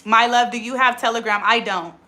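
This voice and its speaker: A woman in her thirties hosting a casual livestream on her phone, chatting quickly as she reads out viewer comments. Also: on the high side, steady tone, bright, forceful tone. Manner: very fast, rapid-fire talker. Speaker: livestream host.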